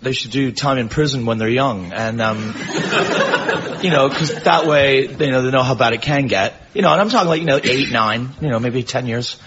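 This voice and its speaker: Guy with halting deadpan delivery, muffled radio sound, loud noise behind. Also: medium pitch. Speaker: comedian panelist.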